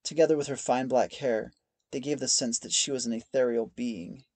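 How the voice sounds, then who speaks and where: Male audiobook narrator, measured reading, gravelly voice, dry close mic. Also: mid-range voice, a little mellow, no echo. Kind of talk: scripted narration.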